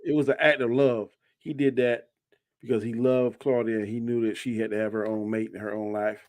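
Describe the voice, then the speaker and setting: A man's voice: mid-range voice, flat delivery, brisk, darkish tone, no echo. A man on a casual roundtable panel, enthusiastic and slangy in his opinions. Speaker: panel guest.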